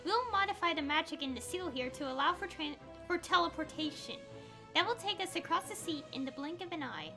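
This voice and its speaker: High-voiced girl streamer reading game lines out loud, giggly asides, lots of up and down, game music behind. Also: animated, brisk. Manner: chatty, giggly, reads lines aloud with asides. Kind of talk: casual live-stream commentary and reading game dialogue aloud.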